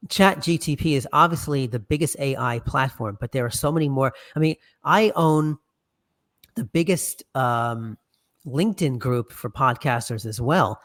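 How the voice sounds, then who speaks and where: Confident male podcast guest, mid-pitched. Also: normal speed, a bit bright. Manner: confident, repeats "I mean". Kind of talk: casual interview answers.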